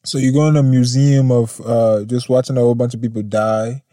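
A man's voice: medium pitch, steady tone, a little fast, warm tone, dry recording, clean studio sound. A man hosting a casual news podcast, laid-back and rambling, swearing and laughing often. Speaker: podcast host.

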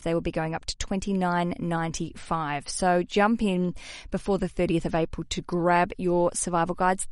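A young adult woman hosting a podcast, chatty and animated with self-deprecating asides. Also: fairly low pitch, clear, resonant tone, dry recording, clean studio sound. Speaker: podcast host. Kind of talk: casual podcast talk.

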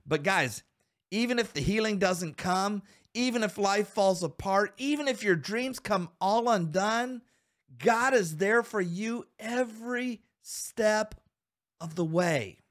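Speaking slowly in a slightly high-set, somewhat bright voice, an earnest male host urges on the listeners of his Christian men's podcast. He is animated and addresses them directly as guys and men, firing off one question after another.

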